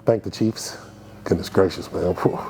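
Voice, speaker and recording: A man in his thirties from Kansas City, telling stories in a casual interview, chatty and animated, with lots of fillers and restarts. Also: sits low, moderate pace, a little hiss or hum. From Kansas City, USA. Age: 30s. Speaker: food reviewer being interviewed.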